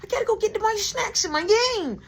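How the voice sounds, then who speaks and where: A woman voicing her excitable little brother, a young boy who squeals and whines close to tears. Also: extremely high pitch, a little fast, pitched above the performer's own voice. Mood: whining.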